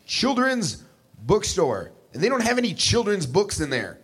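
A man in his twenties doing a stand-up comedy set, halting and self-deprecating, often restarting his sentences. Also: high-pitched, huge pitch swings, husky. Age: 20s.

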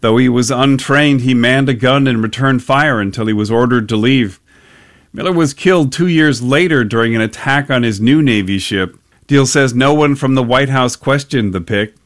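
A man reporter narrates a radio news package in a measured, clear way. His voice sits at a middle pitch.

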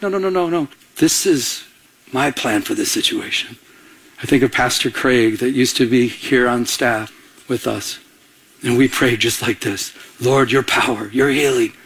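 A male pastor preaching a sermon with a somewhat high voice. He talks in an animated way and slips into the voices of the figures he quotes. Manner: animated, acts out voices of God and Elijah.

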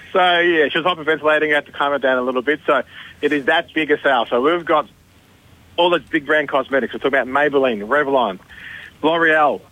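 A man's voice: a little high, fast, pushed and bright, low-quality recording. A man, a store manager, chatting on radio with upbeat, salesy storytelling. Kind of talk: radio promo chat.

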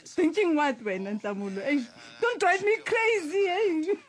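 A woman's voice: very high voice, expressive, measured pace. A woman with a South African accent plays a hot-tempered mother who scolds and accuses her child in dramatic outbursts. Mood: accusing. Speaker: comedy skit actor.

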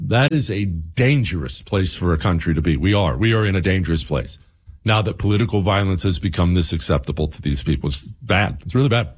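A man's voice: deep voice, brisk, breathy edge. A man hosting a talk show, delivering an impassioned, emphatic political commentary monologue.

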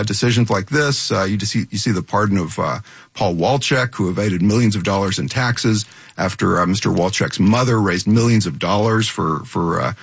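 A man on a news panel giving analysis deliberately, with frequent restarts. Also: lowish voice, fairly bright tone, husky, no room sound. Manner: deliberate, many restarts and fillers. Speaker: panel guest, legal analyst. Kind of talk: panel discussion.

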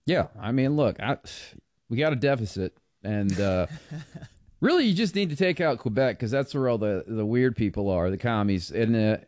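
A man's voice: medium pitch, expressive, normal speed, darkish tone, no room sound, clean studio sound. A man co-hosting a talk radio show, rambling and joking through casual political banter with lots of restarts.

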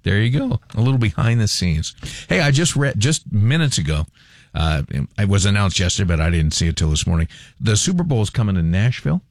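A man's voice: lowish voice, very animated, brisk, no echo, studio quality. A man hosting a radio show, casual and folksy.

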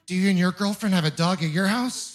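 A man's voice: sits high, fast talker, natural voice. A man voicing a cheeky three-year-old boy who answers in a blunt, matter-of-fact way during a stand-up bit.

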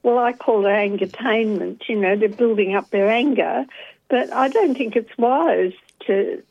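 A woman's voice: a little high, measured pace, creaky. A woman calling in to a talk radio show, polite and thoughtful, hesitating with frequent ums. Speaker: radio caller. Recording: dull phone-line audio.

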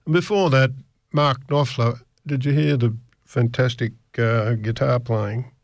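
A man's voice: medium pitch, fairly even intonation, measured pace, no room sound, studio quality. A man in his eighties presenting on the radio, chatting in a rambling, self-deprecating way between songs. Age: 80s. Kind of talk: rambling casual radio chat.

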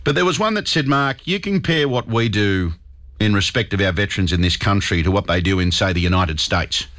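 A man's voice: on the low side, animated, brisk, fairly bright tone. An Australian man hosting talkback radio, speaking emphatically and with indignation as he takes callers.

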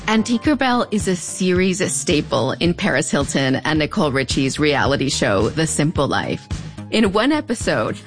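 A woman's voice: low voice, very animated, normal speed, faint music behind. A woman with a fronterizo border accent giving a wry, conversational scripted narration with playful, sassy asides. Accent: fronterizo (US-Mexico border). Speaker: podcast narrator.

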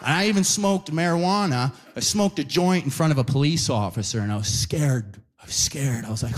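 A man's voice: medium pitch, a little fast, hardly any pauses, background noise. A young Canadian man doing stand-up comedy, telling rambling stories and tagging lines with "right?". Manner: rambling storytelling, frequent "right?", playful.

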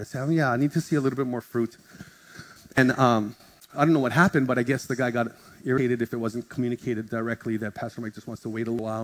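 A pastor telling a story, acting out voices as he goes. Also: medium pitch. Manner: animated, acts out voices in anecdotes. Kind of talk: storytelling sermon. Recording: background music under the preaching.

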